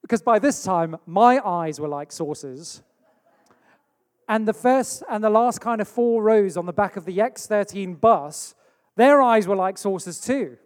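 English preacher in a reverberant hall. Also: male voice, high-pitched, animated, a little slow. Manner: storytelling with acted-out asides. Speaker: pastor. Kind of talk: sermon. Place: church hall.

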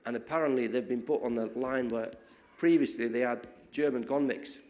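A man preaching a sermon, retelling a story in a lively way, often repeating words and restarting his sentences. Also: medium pitch, normal speed.

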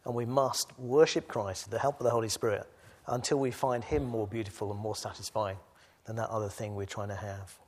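A male preacher giving a sermon to a church gathering, moving between quiet reflection and loud exhortation. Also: on the low side, steady tone, a little fast, hardly any pauses.

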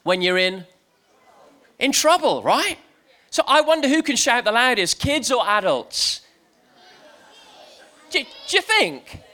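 A man's voice: extremely high pitch, unhurried. A man giving a playful family church talk, telling a joke and then coaxing the congregation to join in. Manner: lively, playful, coaxing the crowd. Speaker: preacher.

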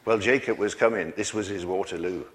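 A man's voice: deep voice, fairly quick, fairly bright tone. A man preaching a sermon in a folksy way, chuckling often and asking the congregation questions. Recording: long hall reverb.

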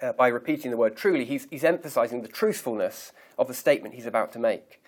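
A man preaching a sermon, reading scripture aloud slowly and deliberately and pausing to stress key words. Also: mid-range voice, husky. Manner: measured, emphatic reading of scripture.

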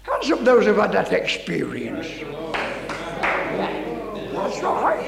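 An older man preaching with fervour, his voice pitched very high. He reads scripture and exclaims with zeal. His voice rings with a long echo through a church hall. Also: wildly swooping pitch, takes it slowly, vocal fry, long pauses. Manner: fervent, exclaiming, breaks into song. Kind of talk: fervent Pentecostal sermon with scripture reading. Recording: echoey hall reverb.

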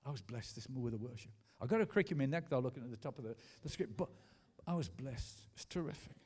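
A man's voice: medium pitch, expressive, quick pace, darkish tone, husky. A man, a pastor preaching a sermon in a school hall, emphatic, asking the congregation to repeat and answer back. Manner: emphatic preaching with call-and-response.

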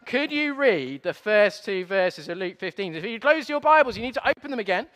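A man's voice: high voice, a little fast. A man preaching a playful sermon, getting the congregation to join in and joking at his own slips. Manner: lively, playful, self-deprecating. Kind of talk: sermon with audience participation. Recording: long hall reverb.

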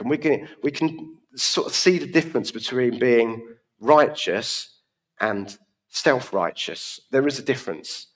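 A man's voice: mid-range voice, fairly bright tone. A man giving a conversational sermon in a church service, often asking the congregation questions. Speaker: preacher.

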